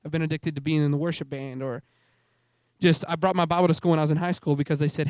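A man's voice: on the high side, little pitch movement, fast talker, a little mellow, clear, resonant tone, no room sound, clean studio sound. A young man giving an earnest, rambling testimony sermon, often restarting his sentences. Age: young adult. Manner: earnest, rambling, self-interrupting. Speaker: speaker at a youth ministry gathering.

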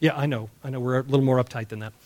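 A man's voice: medium pitch, fairly even intonation, rapid-fire, a little mellow. A man preaching a sermon in an emphatic way, repeating key phrases and asking the congregation rhetorical questions. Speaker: pastor. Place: church service.

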